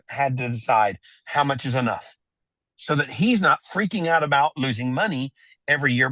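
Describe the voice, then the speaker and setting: A man talking as a wealth adviser guest on a podcast, telling stories with lively acted-out dialogue. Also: medium pitch, no echo. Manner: animated storyteller, acts out quoted dialogue. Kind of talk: storytelling in a podcast interview.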